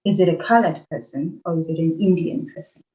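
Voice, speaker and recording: A woman's voice: sits low, brisk, mellow, rough recording. A young adult South African woman talking animatedly as a podcast guest, laughing often and restarting her sentences. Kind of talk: conversational interview.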